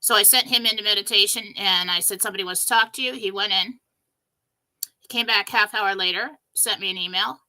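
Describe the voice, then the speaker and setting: A woman hosting a show, telling a spiritual story in an emphatic, breathless, animated way. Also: medium pitch, fairly quick, poor audio. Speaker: show host.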